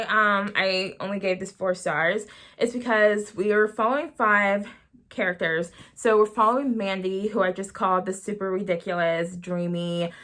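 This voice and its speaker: A woman's voice: mid-range voice, fairly bright tone. A woman chatting casually as a book vlogger, bubbly and rambling, often laughing as she gushes over what she read. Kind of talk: casual book review chat.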